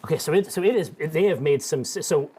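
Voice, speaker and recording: Man, tabletop game player, casual chat, excitable, rambling, restarts a lot. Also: fairly high pitch, fast talker, a little hiss or hum.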